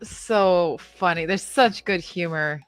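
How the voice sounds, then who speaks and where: A woman's voice: lowish voice, takes it slowly, dry recording, soft background music. A woman who voices characters, chatting playfully and expressively at a fan signing. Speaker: voice actor at a fan autograph signing. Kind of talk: casual chat.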